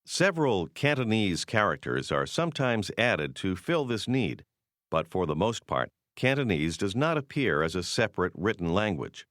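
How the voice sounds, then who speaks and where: Deep-voiced man narrating a language course. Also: very animated, a bit bright, no echo, clean studio sound. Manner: measured, explanatory delivery.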